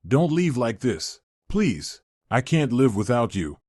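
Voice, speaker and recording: A man's voice: medium pitch, sing-song, takes it slowly, darkish tone, no echo. A guilty, pleading young man, as a male narrator puts him on, begging his partner to stay. The voice rises and falls a lot, and the recording is close and dry. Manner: pleading, insistent. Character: remorseful pleading male fiancé.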